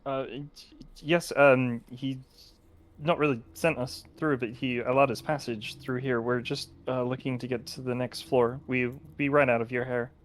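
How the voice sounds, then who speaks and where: A man's voice: mid-range voice, fairly even intonation, normal speed. A man playing a tabletop game in character, speaking hesitantly and politely. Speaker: player.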